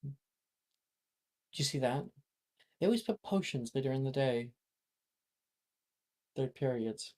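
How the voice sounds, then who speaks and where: The game master voicing a blunt, sharp-tongued girl wizard student who talks brashly. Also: mid-range voice, expressive, measured pace, long pauses, close to an everyday voice.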